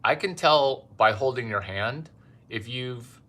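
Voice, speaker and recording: A self-styled dating advice comedian delivers a rambling, provocative comic monologue full of brash, repetitive phrasing. His voice is medium-pitched and fairly bright, and he speaks slowly.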